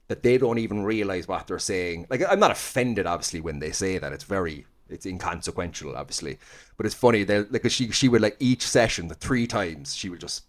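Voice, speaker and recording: A man with a Cork Irish accent talks in a casual interview. His voice sits fairly low, and he rambles, stacks up fillers and restarts, and laughs between thoughts. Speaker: comedian guest. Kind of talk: casual chat.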